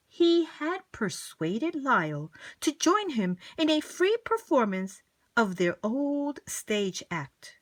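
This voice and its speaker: A woman reading a children's storybook aloud, expressive and animated as she speaks to young listeners. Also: fairly high pitch.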